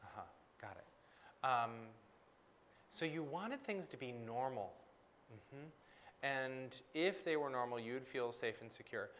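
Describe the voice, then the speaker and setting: A man's voice: mid-range voice, lively intonation, slow pace, long pauses, a bit bright, slight background noise. A man coaching a guest on a live stream, reflecting back what she says and asking probing questions.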